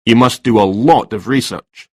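A man's voice: medium pitch, animated, moderate pace, fairly bright tone, dry recording, studio quality. A man reading a story, voicing a stern male police detective with firm, clipped lines, a little raised from his usual tone.

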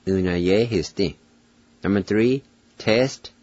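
A man's voice: lowish voice, unhurried, darkish tone, no room sound, lo-fi sound. A man hosting a scripted radio language lesson, patiently spelling out letters and repeating each word. He is recorded on a close studio microphone.

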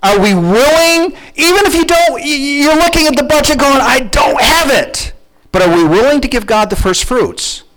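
A middle-aged man preaching a sermon, asking the congregation questions in a conversational, animated way. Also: very high voice, a little fast, few pauses, low-quality recording. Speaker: pastor.

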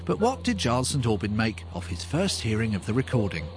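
A man's voice: lowish voice, big pitch swings, brisk, music in the background. A man narrating a documentary with a wry, inquisitive manner. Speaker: podcast presenter.

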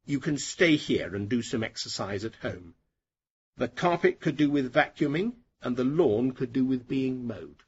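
A man reading the lines of a firm, nagging housewife in a story, with a husky voice. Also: mid-range voice, animated, measured pace, dull audio. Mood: bossy. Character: bossy, practical housewife.

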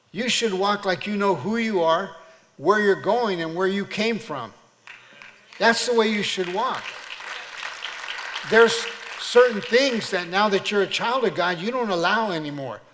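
High-voiced preaching pastor in a hall. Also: male voice, fairly bright tone. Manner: exhorting, preacherly call-and-response. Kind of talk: sermon. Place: church sanctuary. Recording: long reverb of a church hall.

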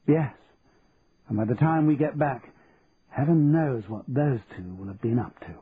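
A man voicing a brisk, teasing young aristocratic bride, over a tinny line with faint hiss. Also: medium pitch, natural voice.

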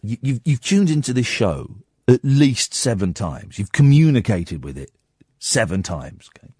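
A man hosting a late-night radio talk show, mocking a listener with slow, drawn-out jabs. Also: medium pitch, very animated, a little mellow, breathy edge, no room sound, clean studio sound.

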